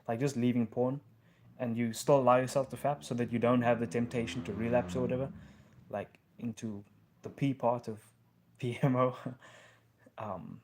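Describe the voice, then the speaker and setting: A young man hosting a casual live question-and-answer stream, laid-back, with plenty of ums and bro. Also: medium pitch. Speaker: livestream host answering questions.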